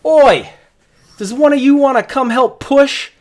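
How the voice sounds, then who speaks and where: A man voicing a rough male laborer who bellows orders to his crew. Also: very high-pitched, unhurried, pitched above the performer's own voice. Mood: shouting. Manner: bellowing, brash.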